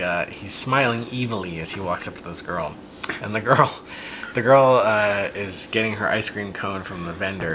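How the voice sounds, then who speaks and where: A man's voice: on the low side, sharp tone, slight background noise. A man hosting a podcast, casually and animatedly retelling a child's silly story, with plenty of fillers and restarts. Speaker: podcast host.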